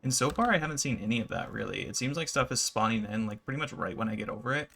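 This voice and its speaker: A man giving relaxed, rambling commentary over his gameplay, with many fillers. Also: on the low side, quick pace, creaky. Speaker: gaming YouTuber.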